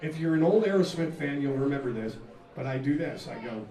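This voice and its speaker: A man, a rock singer, telling a profane, animated story between songs at a live music venue, laughing and acting out the scene. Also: fairly high pitch, brisk. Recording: echoey live room, mic far off, loud crowd.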